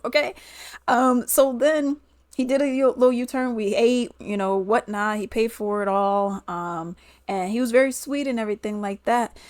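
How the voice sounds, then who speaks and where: A woman's voice: a little high, dry recording. Chatty woman telling a dating story. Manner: chatty, laughs often, animated retelling. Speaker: vlogger. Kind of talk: casual storytime.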